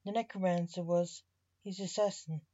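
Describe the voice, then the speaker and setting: A woman's voice: fairly low pitch, fairly even intonation, normal speed, warm tone, dry recording. A woman reading a short story aloud as narrator. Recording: slightly muffled dry recording.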